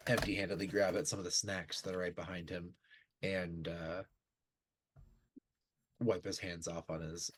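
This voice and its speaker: Deep-voiced man running a tabletop game. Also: darkish tone, no room sound. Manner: halting, many fillers. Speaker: game master.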